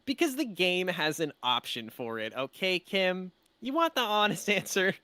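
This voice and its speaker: A man's voice: high voice, sing-song, normal speed, sharp tone, no room sound. A man co-hosting a let's play, rambling and joking in casual banter. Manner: playful, rambling banter with fillers. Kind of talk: casual gaming chat.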